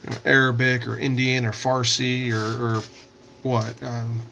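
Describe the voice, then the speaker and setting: A man's voice: medium pitch, level tone, unhurried, vocal fry, background noise. A man hosting a casual livestream, reading out and answering viewer comments while he works on a craft project. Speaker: livestream host.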